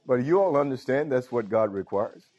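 A man's voice: mid-range voice, expressive, normal speed, a little mellow, muffled recording. A pastor preaching a sermon. He talks informally and keeps calling out to his congregation. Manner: informal preaching with frequent call-outs to the congregation. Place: church.

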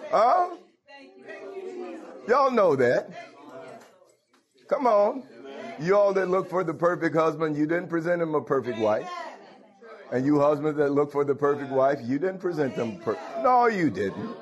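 A man's voice: on the high side, expressive, measured pace, long pauses, lo-fi sound. A man preaching a folksy call-and-response sermon, laughing and calling out hallelujahs.

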